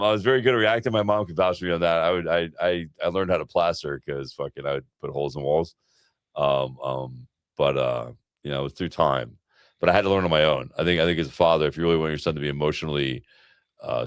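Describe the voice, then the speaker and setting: A man co-hosting a podcast in casual chat, loose and swearing, who laughs often and jumps into high voices when he retells stories. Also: vocal fry, no echo. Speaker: podcast co-host.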